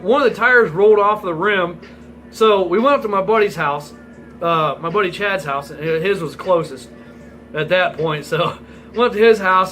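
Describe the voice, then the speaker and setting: A man's voice: high-pitched, sharp tone, a little hiss or hum, poor audio. A man in his forties telling a rambling, profane story in a casual vlog, laughing as he goes. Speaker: vlogger.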